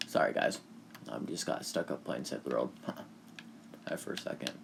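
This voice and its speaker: A young man with a low, deep voice tells a fan-made story in a loose, rambling way. He leans on fillers and restarts, swears offhandedly, and sounds half-distracted by the video game he is playing. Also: normal speed, creaky, noisy background. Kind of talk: casual rambling fan-fiction retelling.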